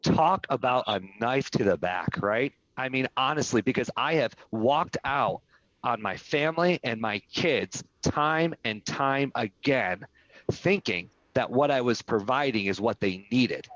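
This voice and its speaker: A man's voice: medium pitch, expressive, unhurried, a bit bright, no echo. A man being interviewed on a live video call, telling a personal story in an earnest way and often asking "right?". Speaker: real estate brokerage executive, guest. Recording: dull lo-fi sound, dry.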